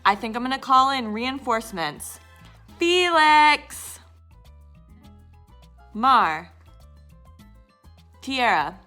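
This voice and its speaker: A woman's voice: a little high, expressive, normal speed, hardly any pauses, bright, forceful tone, soft background music. A woman leading children through a jumping game, upbeat and instructive. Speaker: children's activity leader. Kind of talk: leading a movement game for kids.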